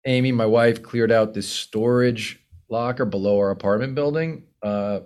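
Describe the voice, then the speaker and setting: A man talking as a podcast guest, telling stories in an animated way, with lots of restarts and casual swearing. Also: mid-range voice, normal speed, clear, resonant tone. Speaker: guest screenwriter and producer.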